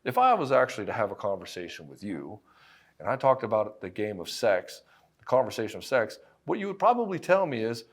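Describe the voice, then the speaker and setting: A man's voice: fairly low pitch, sing-song, brisk. Blunt, swearing man coaching husbands. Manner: blunt, profane and emphatic, addressing the listener directly. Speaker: relationship coach. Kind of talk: direct-to-camera monologue.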